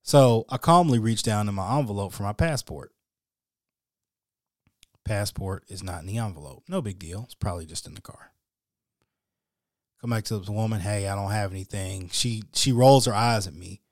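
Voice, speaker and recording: A male podcast host telling a story solo in a casual, animated, slangy and wry way. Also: fairly low pitch, normal speed, long pauses, no echo, clean studio sound.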